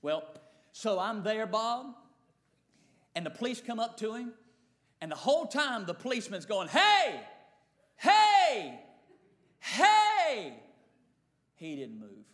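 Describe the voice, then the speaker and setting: Animated preacher telling a story. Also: male voice, high voice, moderate pace, pauses often. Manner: animated Southern drawl, acting out quoted voices. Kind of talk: comic storytelling.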